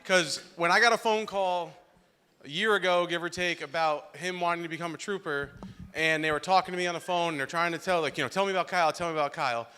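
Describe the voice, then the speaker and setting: Bright-voiced young man giving a wedding toast. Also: on the high side, a little fast, clear, resonant tone. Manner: loud, joking, emotional storytelling. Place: wedding reception hall. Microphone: handheld microphone.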